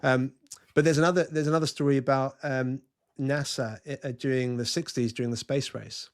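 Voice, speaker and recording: A man's voice: medium pitch, fairly even intonation, a little fast, clean tone. A man, a guest on a podcast interview, talking enthusiastically, telling stories and often restarting his sentences. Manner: enthusiastic storytelling with frequent restarts. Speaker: guest culture consultant.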